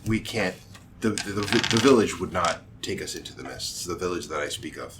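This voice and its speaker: A man's voice: sits low, animated, noisy background. A man voicing a worried young nobleman who halts and stammers as he pleads for help. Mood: pleading. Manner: halting, stammering pleas.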